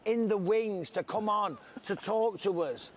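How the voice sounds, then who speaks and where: A man with a slightly high voice hosts a casual fight watch-along. He keeps the talk moving with quick, playful banter, with some faint noise behind him. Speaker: host.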